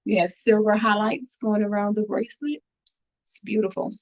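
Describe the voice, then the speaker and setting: A woman with a medium-pitched, fairly flat voice talks at a normal speed as she sells her handmade bracelets on a live stream. She's chatty and upbeat, speaking directly to her viewers from a room at home, in casual sales banter. The stream audio is dull and lo-fi.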